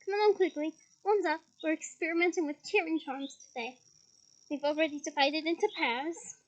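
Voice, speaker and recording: A woman voicing a small, fussy old male wizard teacher who talks briskly and scolds. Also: sits high, close to an everyday voice, low-quality recording. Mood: reproving.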